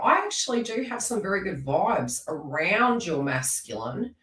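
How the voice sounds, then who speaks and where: A woman's voice: lowish voice, big pitch swings, normal speed, a bit bright. Woman, live tarot reader, teasing and chatty, roomy sound, slightly distant mic. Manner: chatty, teasing, talks to viewers by name.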